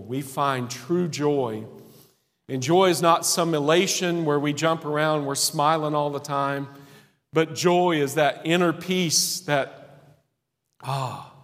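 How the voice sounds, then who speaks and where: Folksy preacher in a reverberant hall. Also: male voice, on the high side. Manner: earnest, folksy, pauses between phrases, laughs at himself. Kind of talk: sermon.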